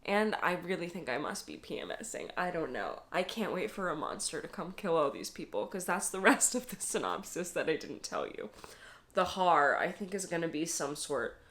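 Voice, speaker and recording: A young woman talks through a casual reading vlog in a slightly low voice. She is teary and close to crying, but still chatty, laughing and swearing as she goes. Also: a bit bright. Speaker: book vlogger.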